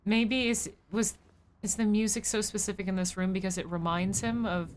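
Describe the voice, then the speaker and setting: A woman's voice: mid-range voice, steady tone, moderate pace. A woman streamer giving casual live commentary as she plays a game, chatty and joking as she thinks aloud.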